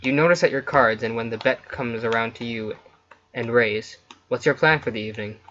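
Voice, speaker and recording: A man's voice: medium pitch, brisk, pushed and bright, lo-fi sound. A man hosting a let's play, reading interactive fiction aloud between casual chat with his co-player. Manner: reads story text then chats casually.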